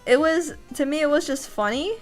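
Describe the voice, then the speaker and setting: High-voiced woman chatting on stream. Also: moderate pace, faint music behind. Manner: animated, laughs often, restarts sentences. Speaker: voice actor and streamer. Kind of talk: casual livestream chat.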